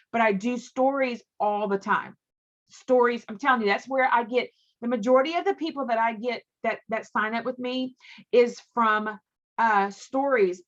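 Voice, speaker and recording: A woman's voice: fairly high pitch, a bit bright, lo-fi sound. A middle-aged woman leading a team training call, talking in a chatty, emphatic way that often repeats words for stress. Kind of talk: motivational training talk.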